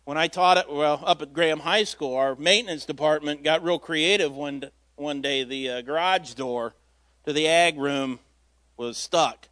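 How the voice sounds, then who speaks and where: A man's voice: fairly high pitch, normal speed, fairly bright tone, dry recording. A man, a lay preacher, giving an informal sermon in a folksy, storytelling way with self-deprecating humor. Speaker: lay preacher filling in at church.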